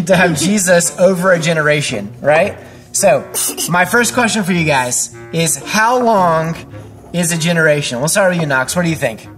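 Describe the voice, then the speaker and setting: Soft music plays behind this kids pastor as she chats with children on a church program, her voice on the low side and her pace normal. She keeps things encouraging and upbeat, asks teasing questions, and often restarts or drops in fillers.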